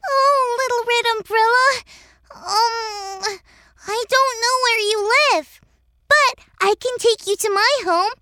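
A woman voicing a tiny timid male mouse in a children's audio story, squeaky and hesitant. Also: slow, sharp tone, dry recording, clean studio sound, full character voice. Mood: eager.

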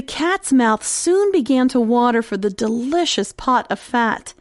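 A woman tells a fairy tale in a high, lilting voice that moves lively up and down. Her storytelling is expressive and sing-song, and the recording is close and dry. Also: a little slow, hardly any pauses, dry recording. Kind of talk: scripted fairy-tale narration.

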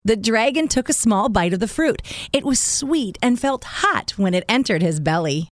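A woman tells a children's story with a lively, rising and falling voice, punching out the sound effects. The recording is close and dry with no room around her. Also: a little high, normal speed, dry recording. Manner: expressive, playing sound words. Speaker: narrator. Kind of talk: scripted children's story narration.

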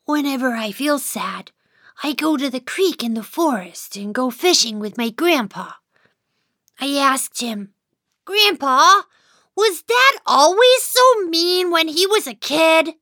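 A woman's voice: high voice, expressive, slow, bright, forceful tone, dry recording, studio quality, exaggerated voice. A woman voicing an unhappy little boy mouse who narrates his own storybook, grumbling and sighing about his dad. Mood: sulky. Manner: sulky, sighing, then giddy. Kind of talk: first-person storybook narration.

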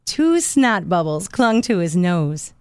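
A woman narrating a children's storybook in a gentle, clear and expressive way. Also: on the low side, slow pace, no room sound. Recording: dry studio voice.

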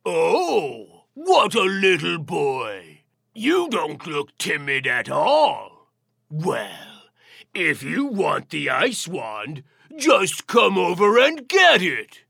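A huge, boastful snow monster, played by a man, who bellows his taunts in a gravelly voice. He drags every word out slowly while his pitch swoops wildly up and down, all in a dry, close recording for a children's audio story. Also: huge pitch swings, no room sound, exaggerated voice. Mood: taunting. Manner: loud, taunting, drawn-out.

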